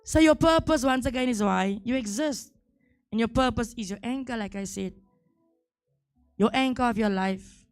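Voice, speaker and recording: A woman's voice: fairly high pitch, moderate pace, pauses often, no echo, clean studio sound, soft background music. A woman preaching a sermon, repeating key words and building to emphatic peaks.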